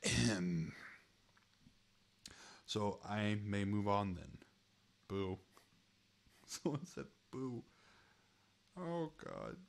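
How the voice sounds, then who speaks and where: Excitable, laughing male streamer. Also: lowish voice, very slow, gravelly, long pauses. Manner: laughs often, swears freely, reacts excitedly. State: short on sleep. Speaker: streamer hosting a chat game. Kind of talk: casual live commentary.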